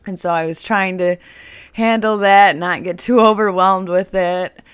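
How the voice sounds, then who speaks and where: A woman's voice: fairly low pitch, fairly even intonation, a little slow, clear, resonant tone. A woman vlogging, telling a personal story in a candid, chatty way with plenty of "like" fillers.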